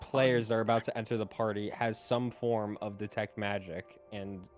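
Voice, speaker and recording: A man playing a tabletop game, talking loudly and laughing often, with plenty of swearing. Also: on the low side, flat delivery, normal speed, music in the background. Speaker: player. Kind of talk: casual tabletop chat.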